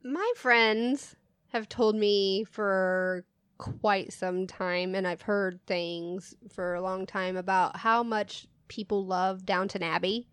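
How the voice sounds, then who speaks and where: A woman's voice: medium pitch, fairly even intonation, slow, smooth, no room sound. A young woman co-hosting a casual comedy chat, telling stories and laughing often. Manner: giggly storyteller, laughs often through her stories. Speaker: podcast co-host.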